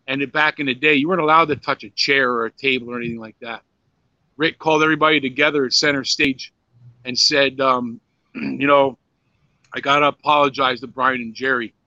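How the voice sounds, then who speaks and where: A former pro wrestler, now older, rambles through profane stories in a relaxed interview, restarting often and saying "you know" again and again. He speaks fairly quickly in a mid-range, steady voice that's bright and forceful; the lo-fi sound is dry and slightly dull, with no room sound.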